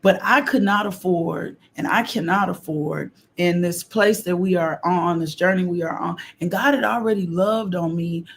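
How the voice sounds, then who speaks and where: A middle-aged woman preaching a fervent morning devotional on a livestream, repeating phrases and breaking into loud exclamations. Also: fairly low pitch, moderate pace, creaky, few pauses, a little hiss or hum. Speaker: host of a morning devotional stream. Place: home livestream.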